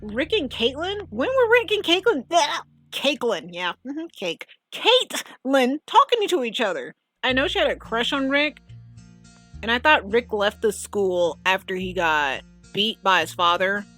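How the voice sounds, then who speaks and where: A woman giving casual reaction commentary as a video host, chatty and animated, saying "like" and "oh my gosh" often. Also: fairly high pitch, unhurried, faint music behind.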